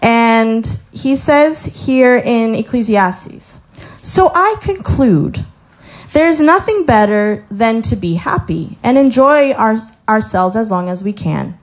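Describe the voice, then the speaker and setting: A woman's voice: on the high side, takes it slowly, hardly any pauses. A young woman sharing a faith testimony in a casual sermon style, telling stories with acted-out quotes and reading scripture aloud. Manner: lively storytelling with acted-out quotes.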